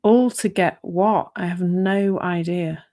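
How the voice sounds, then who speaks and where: A woman's voice: on the low side, fairly even intonation, slow pace, warm tone. A woman co-hosting a podcast, musing aloud in a thoughtful, rambling way and laughing easily. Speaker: podcast co-host. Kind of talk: casual reflective conversation.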